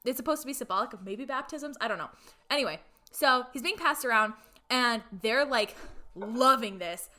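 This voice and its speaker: A young woman co-hosts a podcast, recounting a film's plot in a chatty, filler-packed way and acting out the characters' lines. Her voice sits a little high and sounds animated, bright and forceful at a normal pace.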